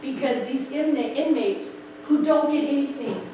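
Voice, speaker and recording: A middle-aged woman telling a personal testimony with expressive, story-driven delivery. She acts out the people in her story and her voice rises sharply at emotional moments. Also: sits high, normal speed. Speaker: speaker sharing a personal testimony. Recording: echoey room, far from the mic, background noise.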